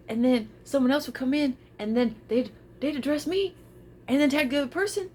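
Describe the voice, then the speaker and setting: A woman vlogging casually to her viewers, expressive, often repeating her phrases and laughing. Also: high voice, moderate pace, pauses often. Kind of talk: casual talk to camera.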